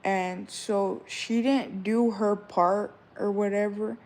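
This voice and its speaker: A woman's voice: medium pitch, fairly even intonation, slow, darkish tone. A woman in her twenties chatting casually to her viewers, giving rambling advice and often checking in with "all right?". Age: 20s. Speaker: vlogger.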